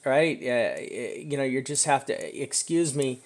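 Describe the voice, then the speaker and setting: A man's voice: mid-range voice, a little slow. A man giving casual, emphatic commentary on market charts, often checking in with "right?" and venting frustration now and then. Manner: chatty, emphatic, keeps asking "right?"; frustrated outbursts. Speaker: crypto chart analyst. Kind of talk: screen-share market commentary.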